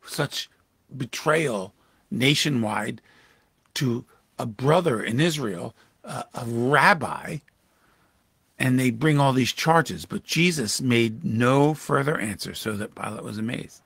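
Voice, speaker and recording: A man with a gravelly, slightly husky voice teaches scripture as a pastor, reading passages aloud and then pausing to explain them. His delivery jumps to sudden emphatic highs before settling back down. The sound is close and dry, with no room around it. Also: fairly bright tone, no room sound. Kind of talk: devotional Bible teaching. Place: church livestream.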